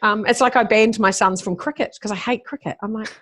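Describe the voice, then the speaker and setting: Brisk and with few pauses, a middle-aged woman speaks in a mid-range, fairly bright voice, animated and swearing freely. A podcast guest and keynote speaker, she's on a remote call in casual conversation, with a little hiss or hum in the audio.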